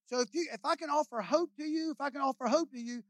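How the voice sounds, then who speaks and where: A man's voice: very high voice, fast, no room sound. Man, guest pastor, folksy storytelling, repeats himself, dry sound. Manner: swings from quiet asides to loud shouting. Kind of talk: sermon.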